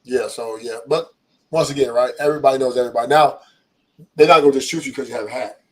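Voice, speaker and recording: A man's voice: mid-range voice, fast talker, far from the mic. A man with a Los Angeles accent, a podcast guest talking casually in a streetwise, emphatic way and often repeating himself.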